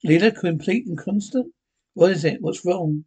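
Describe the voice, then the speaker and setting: A man with a husky voice reading the lines of a blunt young warrior woman, naming her before each line. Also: sits high, moderate pace, warm tone. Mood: questioning. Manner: reads the character's name before each line.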